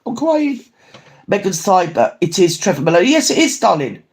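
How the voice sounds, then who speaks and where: A man puts on a gossipy older grandmother who hosts a livestream. The voice sits a little high and runs on in long, rambling stories. She showers her viewers with babe and darling, then turns sharp and ranting. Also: very animated, normal speed. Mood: affectionate. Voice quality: chatty, calls everyone babe and darling, ranting. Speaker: livestream host. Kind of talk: livestream chat reading comments.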